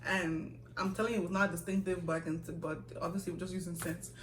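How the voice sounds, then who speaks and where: A young woman from the United States telling a story in a casual vlog Q&A, animated and quick to laugh. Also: on the low side, echoey room, recorded from a distance, a little hiss or hum, low-quality recording. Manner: animated, acts out quoted voices, laughs often. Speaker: vlogger.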